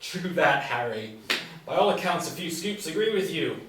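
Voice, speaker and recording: A man's voice: on the high side, big pitch swings, normal speed, background noise. A man playing a wry posh Briton, roomy and distant. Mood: jovial. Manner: dry, teasing, formal phrasing. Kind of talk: script reading.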